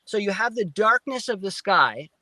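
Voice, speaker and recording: A man recounts his experience with real excitement, acting out the noises and what he said at the time. His voice sits high and sounds bright and forward. The sound is close and dry, with no room around it. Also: normal speed, no room sound. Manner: excitable, acts out sounds and quotes. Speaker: guest. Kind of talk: animated storytelling.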